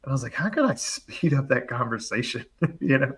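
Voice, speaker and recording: A man in casual conversation, telling a story with lots of energy. He throws in fillers and quick acted-out quotes, and his voice sits at a middle pitch. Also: breathy edge. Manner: animated, fast storytelling full of "like" and acted-out quotes. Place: live online show, remote.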